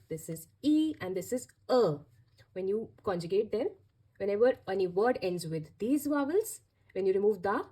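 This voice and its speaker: A woman's voice: medium pitch, dark tone, husky. A woman teaching a language lesson, explaining patiently and repeating each step.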